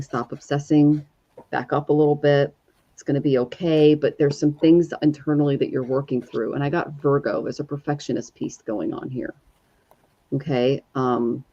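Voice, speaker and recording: A man's voice: fairly high pitch, warm tone, highs cut off. A man hosting a live tarot and astrology reading. He speaks reassuringly and keeps checking in with "okay?". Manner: reassuring, ends phrases with "okay?".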